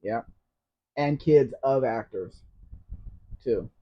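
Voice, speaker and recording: A man's voice: medium pitch, very slow. A man hosting a casual live question-and-answer stream, blunt and teasing, with opinionated asides. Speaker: livestream host. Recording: dull lo-fi stream audio.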